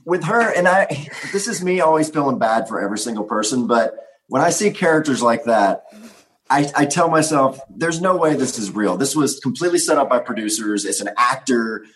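A man guesting on a podcast, talking in a halting way with many fillers and laughing along. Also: mid-range voice, animated, fairly bright tone, rough recording. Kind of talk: casual chat.

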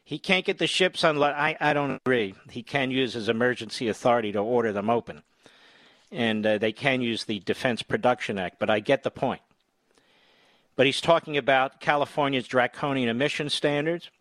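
A middle-aged man hosts talk radio with a sarcastic edge, reading articles aloud and breaking in with his own jabs. His pitch sits in the middle of the range. The sound is dry and close, with no room around it. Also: moderate pace, fairly bright tone, no room sound. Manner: sarcastic, reads articles aloud with running commentary; mocks people with high, squeaky put-on voices. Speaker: radio talk show host.

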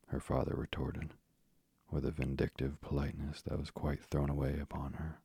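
A man narrating a storybook in a measured, deliberate way. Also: extremely low pitch, level tone, gravelly, darkish tone, husky, no room sound.

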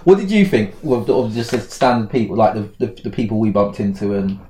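A man's voice: fairly low pitch, very animated, a little fast, dark tone, a little hiss or hum. A man co-hosting a podcast, chatting casually in a rambling, hesitant way with many restarts. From Britain. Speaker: podcast co-host. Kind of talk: casual chat.

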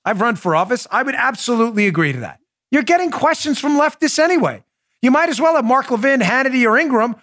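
A man's voice: high-pitched, a bit bright, no echo. Indignant male podcast host, dry sound. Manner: emphatic, indignant, addresses listeners directly. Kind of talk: political commentary show.

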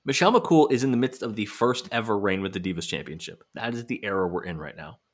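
A man's voice: lowish voice, lively intonation, fast talker. A man co-hosting a podcast, recapping in a playful, storytelling way. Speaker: podcast co-host. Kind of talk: casual recap chat.

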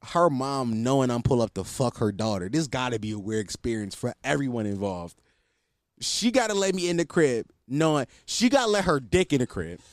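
Young man, candid storyteller, profane slang, lively pitch, dry recording. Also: moderate pace, no room sound. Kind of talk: casual storytelling.

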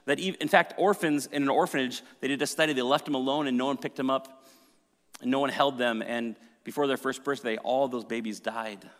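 A man preaching a sermon with dramatic shifts from loud emphasis to hushed retelling. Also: medium pitch, a little fast. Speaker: pastor. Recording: reverberant hall.

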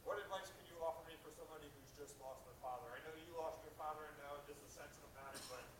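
A man's voice: a little high, racing, background noise. A man in an audience asking the host an earnest, direct question. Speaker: audience member. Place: theater audience. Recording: echoey hall with crowd around.

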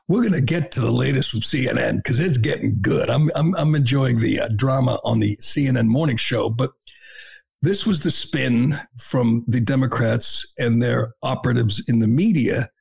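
A man's voice: medium pitch, creaky, a little mellow, husky. A male talk radio host delivering an indignant, rambling opinion monologue full of restarts.

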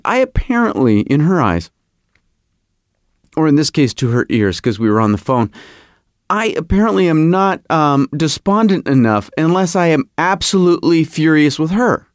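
A man's voice: a little high, sing-song, normal speed, dry recording, studio quality. Rambling, self-mocking middle-aged man. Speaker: podcast host. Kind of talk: comedic podcast monologue.

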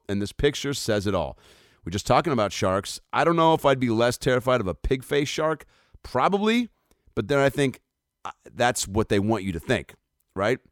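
A man's voice: mid-range voice, no echo, studio quality. A man hosting a comedy podcast, reading news articles aloud and riffing on them with loose jokes and swearing. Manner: joking, loose, swearing, lots of fillers and asides.

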